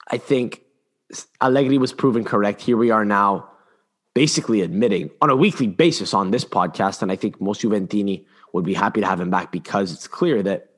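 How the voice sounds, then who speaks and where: A man co-hosting a football podcast in casual chat, opinionated and rambling, often repeating words and restarting his sentences. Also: on the low side. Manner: opinionated, animated. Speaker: podcast co-host.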